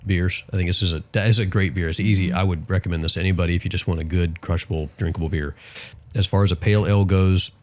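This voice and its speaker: A man co-hosting a podcast in casual chat, telling stories with halting restarts and frequent laughter. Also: sits low, fairly even intonation, darkish tone. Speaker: podcast co-host. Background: other hosts chatting.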